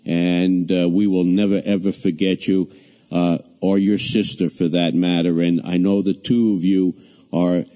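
A man giving a halting funeral eulogy as a family member, pausing often with fillers and restarts. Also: low voice, level tone, mellow, low-quality recording. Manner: hesitant, many fillers and restarts.

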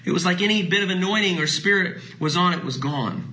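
A pastor preaching a sermon, swinging between lively emphasis and soft, drawn-out phrases. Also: male voice, sits high, low-quality recording. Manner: dynamic preaching, drops to soft hushed phrases.

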